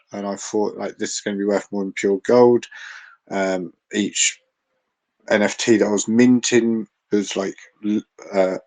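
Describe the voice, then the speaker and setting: On a live audio space, a guest from England chats in a slightly low, a little mellow voice, his accent blending southern English with a northern twang. He talks loosely and rambles, full of fillers and false starts, over rough audio.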